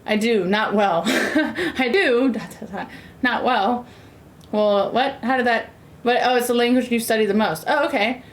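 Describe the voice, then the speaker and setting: A young American woman chats casually on stream while she cooks, rambling and sassy with many fillers. She has a fairly high pitch and talks at a normal speed.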